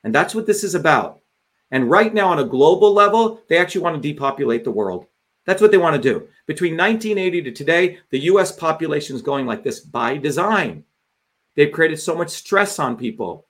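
A man with a somewhat high voice rants on a livestream. He talks as a political candidate and host, and his delivery is fiery, forceful and full of swearing. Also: big pitch swings, brisk. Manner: fiery, profane ranting delivery.

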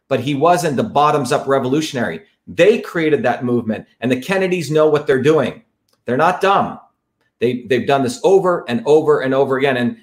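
With a voice pitched rather high for a man, this Indian show host gives an impassioned political monologue. He rallies his audience by emphatically repeating his points over and over.

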